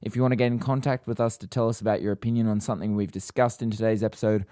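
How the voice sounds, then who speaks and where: A man co-hosting a casual podcast in a laid-back, joking way. His voice sits fairly low. The sound is dry and close. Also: little pitch movement, rapid-fire, warm tone, no echo. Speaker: podcast co-host.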